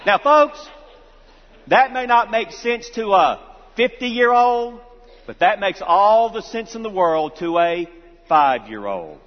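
A man's voice: high voice, expressive, unhurried. A male pastor preaching a sermon emphatically, repeating key lines for effect. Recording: reverberant hall, dull lo-fi sound.

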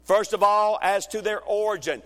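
A man preaching a sermon, emphatic, swinging between loud rhetorical questions and hushed lines. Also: sits high, normal speed. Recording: long reverb of a large hall.

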